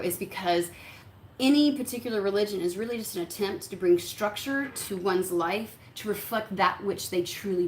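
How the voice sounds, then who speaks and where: A woman's voice: mid-range voice, a bit bright. Blunt, swearing woman tarot reader. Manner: blunt, chatty, swears freely, acts out listeners' thoughts. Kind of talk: casual tarot reading to camera. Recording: echoey room with faint background hum.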